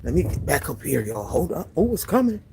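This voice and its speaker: A man's voice: fairly high pitch, big pitch swings, brisk, gravelly, dark tone, a little hiss or hum. A man hosting a casual live stream, greeting viewers by name and laughing often while he walks from his home out into the yard on a phone. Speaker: livestream host. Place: home, indoors then outside in the yard. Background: faint rain.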